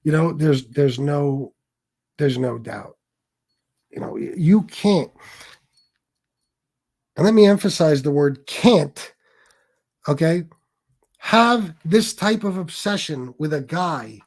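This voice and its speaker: The livestream host has a fairly high, animated voice that is a little mellow, and he speaks slowly. Reading chat comments on his casual stream, he's blunt and swears heavily, often repeating himself and starting sentences over.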